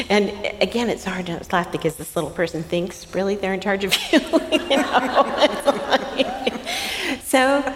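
A middle-aged woman co-hosting a faith-based talk, telling a parenting story in a lively way, laughing often and dropping to a soft voice when she quotes someone. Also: medium pitch. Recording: reverberant room with faint hiss.

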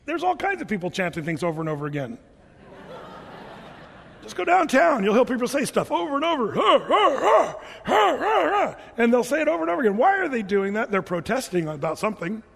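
A man preaching a sermon as a pastor, chatty and animated, sometimes chanting scripture lines. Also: sits high, quick pace, gravelly. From Oregon. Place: church hall. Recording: reverberant church hall.

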